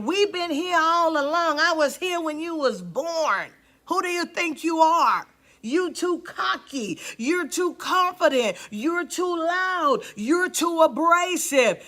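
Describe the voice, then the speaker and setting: A woman's voice: extremely high pitch, sharp tone, pitched above the performer's own voice, heavily acted. A woman voicing disapproving older church women who scold a young preacher sharply and dismissively.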